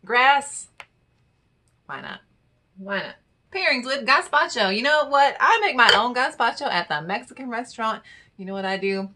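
A woman's voice: fairly high pitch, animated, moderate pace, pushed and bright, slight background noise. A woman vlogger chatting casually and playfully as she reads wine charts aloud, with muttered asides. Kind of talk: casual chat reading infographics aloud.

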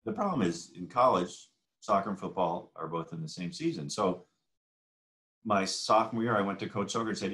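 A man in his sixties, a guest in a casual interview, telling animated stories and acting out the dialogue. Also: on the low side, moderate pace, long pauses. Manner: animated anecdotal storyteller who acts out quoted dialogue.

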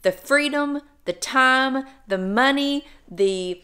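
A woman's voice: high voice, animated, slow, bright, forceful tone. A middle-aged woman vlogging in a casual, chatty way, talking straight to her viewers with playful sarcasm. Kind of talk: casual chat to camera.

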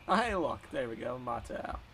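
A man's voice: medium pitch, a bit bright, a little hiss or hum. A young man hosting a let's play, casual and self-mocking, laughing often as he plays. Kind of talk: casual gameplay commentary.

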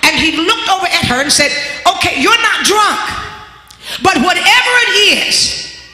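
A woman preacher delivering a fervent sermon, shouting with repeated words and stammered restarts. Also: very high-pitched, expressive, unhurried. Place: large church sanctuary. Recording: echoey church hall with organ music and congregation. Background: organ music and responding congregation.

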